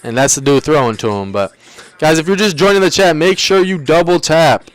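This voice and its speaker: A man's voice: fairly high pitch, lively intonation, fairly quick, no echo, faint music behind. A young man hosting a livestream, ranking players in casual, slangy banter and talking back to his chat. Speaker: livestream host.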